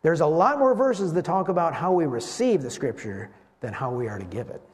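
Animated preaching man in a reverberant hall. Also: on the high side. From West Michigan. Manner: animated preaching, slows for emphasis. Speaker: pastor. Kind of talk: sermon.

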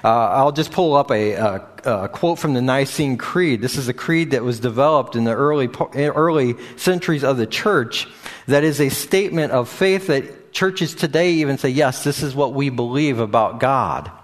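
A man's voice: mid-range voice, moderate pace. A man preaching a sermon in a loose, unscripted way, with frequent fillers and restarts. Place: church or meeting room with a screen behind him.

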